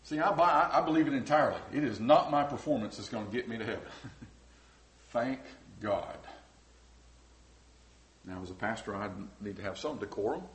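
A man preaching a sermon as pastor in a church, earnest and fervent, swinging from loud cries to quiet, personal appeals. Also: mid-range voice, moderate pace, long pauses. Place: church sanctuary with balcony.

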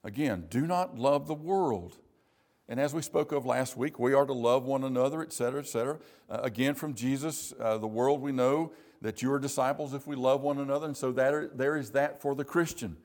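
A man preaching a sermon in a church, slowing down to stress key phrases. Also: mid-range voice, a little mellow. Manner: measured, emphatic preaching with slow stressed phrases.

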